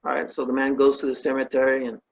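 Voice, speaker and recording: Male spiritual teacher, husky mid-pitched voice, emphatic delivery, dull lo-fi recording. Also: completely flat delivery, fast talker. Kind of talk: talk on consciousness with a parable.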